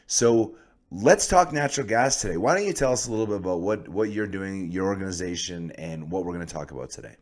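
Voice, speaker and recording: A man hosting a podcast, talking in a casual, joking way with a hoarse voice. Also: low-pitched, lively intonation, a little fast. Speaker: podcast host.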